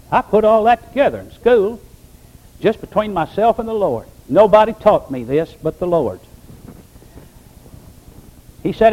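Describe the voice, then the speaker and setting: A man's voice: sits high, lively intonation, unhurried, pauses often, warm tone, low-quality recording. An older man, a pastor, preaching a sermon in a plain-spoken, folksy way and rising to emphatic exclamations.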